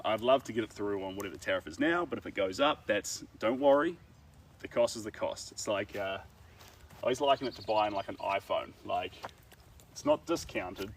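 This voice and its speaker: Chatty New Zealand man, slightly distant. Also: lowish voice. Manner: chatty, rambling, relaxed with filler words. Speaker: painter streaming while painting. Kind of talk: casual chat. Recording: distant mic, faint outdoor ambience.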